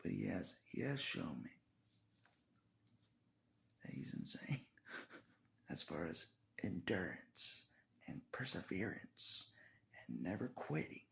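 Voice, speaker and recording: An exhausted man rambling in a half-whispered voice. He repeats himself and chuckles softly between phrases. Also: sits low, sing-song, slow, vocal fry, long pauses. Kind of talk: rambling spoken confession.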